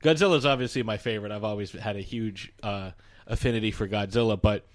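A man co-hosting a podcast in casual chat, animated and profane, laughing often as he talks. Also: on the low side, fast talker. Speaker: podcast co-host.

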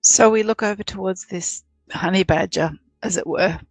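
Female player, playful and chatty, gravelly edge, dry close sound. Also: medium pitch, normal speed, no room sound. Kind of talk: casual tabletop play.

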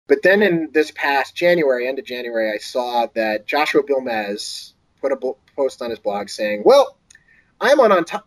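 A man, an author guest on an interview podcast, telling a story casually and acting out other people's lines in a lifted voice. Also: low-quality recording. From Boston area. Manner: animated, acts out quoted voices in a higher pitch.

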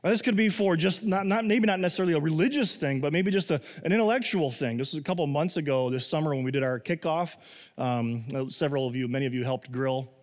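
A man's voice: a little high, fast, big-room sound. A pastor in his thirties preaching a conversational sermon, often asking "right?" and acting out quotes. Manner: conversational, tag questions, lively acted quotes.

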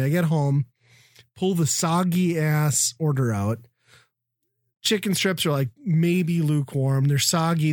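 A man's voice: fairly high pitch, no echo, studio quality. A middle-aged man from the Midwest telling a profane, exasperated story in casual chat. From American Midwest.

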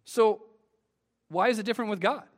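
Male preacher, high voice, earnest sermon delivery with emphatic swells. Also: normal speed. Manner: earnest, rising to emphatic peaks.

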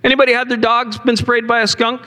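A man's voice: extremely high pitch, level tone, fast talker, pushed and bright. A male pastor preaching a sermon in a church, talking conversationally and asking the congregation questions. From Canada. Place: church sanctuary. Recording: long hall reverb.

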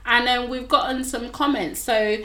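A woman's voice: fairly high pitch, steady tone, normal speed, fairly bright tone. A woman co-hosting a podcast, chatting casually, laughing often and reading listener comments aloud. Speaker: podcast co-host.

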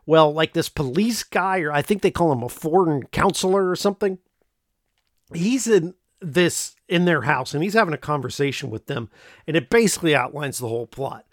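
A man's voice: on the high side, expressive, moderate pace, no echo, clean studio sound. Rambling, joking man retelling a film plot. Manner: rambling and joking, with many fillers. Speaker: podcast host recapping a film. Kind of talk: casual chat.

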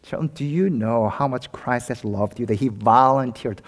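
A man's voice: mid-range voice, a little slow. Impassioned male pastor in echoing hall. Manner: impassioned, rising to emphatic peaks. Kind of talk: sermon. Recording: long hall reverb.

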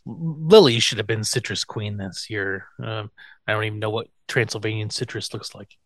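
A man co-hosting a podcast, casually recapping an episode in an animated, profane storytelling way. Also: fairly low pitch, normal speed, no room sound. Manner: animated storyteller, acts out quotes, swears freely. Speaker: podcast co-host.

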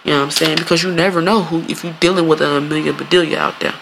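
A solo podcast host talking in a loose, animated way, with a gravelly edge and a bright, forceful tone. This speaker swears freely, laughs often and acts out quoted lines in playful voices. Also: mid-range voice, fast talker, slight background noise. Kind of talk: casual solo podcast monologue.

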